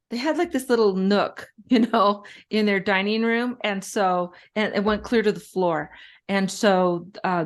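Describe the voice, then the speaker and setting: A middle-aged woman speaking as a guest in a casual interview, chatty and storytelling with frequent fillers. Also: mid-range voice. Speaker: guest, respiratory therapist.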